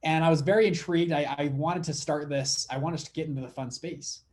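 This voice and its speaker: Man, young adult, fund manager guest, casual interview, animated storyteller, slightly high pitch. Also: brisk, slight background noise. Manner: animated storyteller acting out dialogue.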